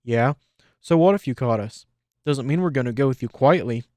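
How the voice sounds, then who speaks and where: A man's voice: medium pitch, mellow, no room sound, lightly acted. A man voicing a brash young male pegasus soldier on the run, talking cocky and defiant. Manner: cocky, defiant, quick-tongued.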